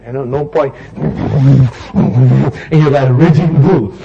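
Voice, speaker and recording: A man's voice: mid-range voice, steady tone, takes it slowly, creaky, highs cut off. A man, preaching a sermon and acting out little street quarrels in raised voices.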